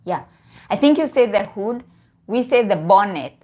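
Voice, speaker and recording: A woman's voice: mid-range voice, animated, measured pace, darkish tone. Chatty Kenyan woman live-streaming. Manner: chatty, laughs often, restarts phrases. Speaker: vlogger. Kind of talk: casual live-stream chat.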